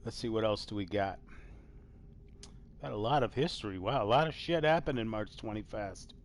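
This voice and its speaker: A man hosting a live stream, rambling casually through old news and swinging between loud exclamations and low mumbling, with casual swearing. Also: moderate pace, a little hiss or hum. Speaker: host.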